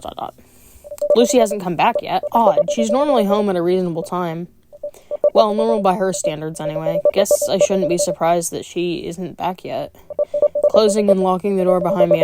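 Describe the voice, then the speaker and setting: A woman's voice: fairly low pitch, steady tone, moderate pace, noisy background. A woman reading a visual novel aloud as a gaming streamer, with wry, playful asides. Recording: game music playing behind.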